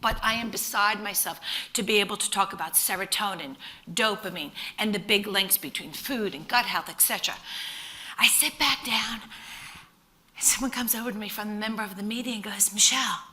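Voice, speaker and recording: A woman's voice: mid-range voice, brisk. A middle-aged woman nutritionist giving an enthusiastic, chatty conference talk, self-deprecating and often checking in with "right?". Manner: chatty, animated storytelling with frequent rhetorical "right?".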